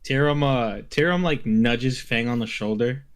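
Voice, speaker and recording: A man's voice: mid-range voice, a little slow, over a noisy crowd. Regular guy chatting as a player, easygoing. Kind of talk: tabletop game play.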